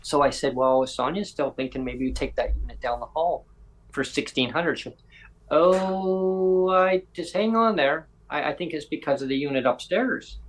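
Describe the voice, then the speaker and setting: A man chats his way through a long, rambling story, stopping to act out what others said and restarting his sentences as he goes. His voice sits at an ordinary middle pitch, neither high nor low. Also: fairly even intonation, fairly quick, breathy edge, low-quality recording. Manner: rambling anecdote teller with voiced quotes and self-corrections. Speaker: podcast host. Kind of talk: casual storytelling chat.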